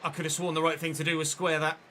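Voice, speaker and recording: Male streamer, sharp bright tone, slightly raised pitch, faint ambience underneath, calls the play and swears when it goes wrong. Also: level tone, quick pace, a little hiss or hum. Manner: running play-by-play, swearing and frustrated outbursts. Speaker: gaming streamer. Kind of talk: live gameplay commentary.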